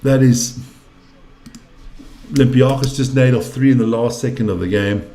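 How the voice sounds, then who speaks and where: A man's voice: mid-range voice, steady tone, moderate pace, dark tone. Ranting man in an echoey room. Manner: exasperated, ranting, swears freely. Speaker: live-stream basketball commentator. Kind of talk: casual profane live commentary.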